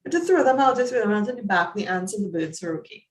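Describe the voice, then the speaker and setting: A Trinidadian woman, a psychologist, talks in an interview as an animated storyteller, laughing and jumping up and down in pitch. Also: racing, roomy sound, poor audio. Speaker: psychologist guest. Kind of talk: conversational interview.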